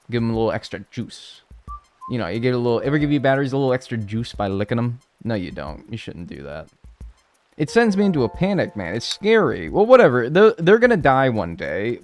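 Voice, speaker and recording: A man in his twenties, a game streamer chatting casually with live viewers in a rambling, joking way. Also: mid-range voice. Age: 20s. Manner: rambling, joking, full of filler "like".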